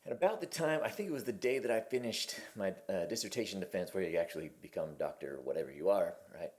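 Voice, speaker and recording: A man in his forties speaks in a fairly low voice, easygoing and candid, stumbling over a word now and then. He hosts his own channel and talks straight to camera from his kitchen table. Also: expressive, quick pace, darkish tone. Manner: conversational and candid, with restarts. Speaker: host. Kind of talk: casual to-camera talk.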